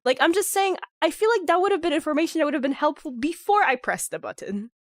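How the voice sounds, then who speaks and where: Woman streamer, nasal sick voice, fairly high, dry close sound, rambling chat full of fillers. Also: fast, dry recording. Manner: rambling, animated, heavy on "like" fillers. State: sick, nasal with a clogged nose. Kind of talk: casual live-stream chat.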